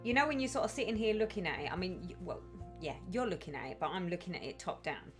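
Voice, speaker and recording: A woman's voice: on the low side, expressive, quick pace, faint music behind. A woman hosting a casual live stream, chatting and reading out viewers' comments with effusive sympathy.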